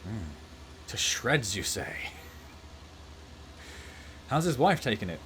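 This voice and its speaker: A man's voice: on the low side, sing-song, takes it slowly, fairly bright tone, slight background noise, exaggerated voice. A man doing a doddering old cartoon professor. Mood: deadpan.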